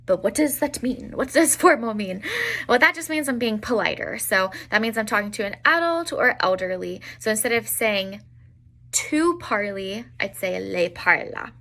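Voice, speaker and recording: A young woman teaching an online language lesson, spelling out examples slowly with frequent fillers. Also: mid-range voice, expressive, a bit bright. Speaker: Italian teacher.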